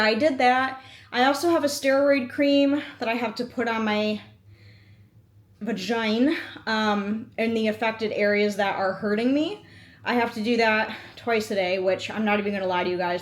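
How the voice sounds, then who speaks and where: Chatty woman in an echoey room. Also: fairly high pitch. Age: 30s. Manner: chatty, candid storytelling with many fillers. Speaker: vlogger. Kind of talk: casual sit-down vlog chat. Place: room at home, sitting before a meal.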